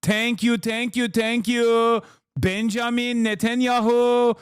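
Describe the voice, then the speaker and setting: A man's voice: extremely high pitch, flat delivery, slow pace, clear, resonant tone, dry recording, clean studio sound, pitched above the performer's own voice. A man putting on an exaggerated mock Iranian accent to play a gushing Persian man full of thanks.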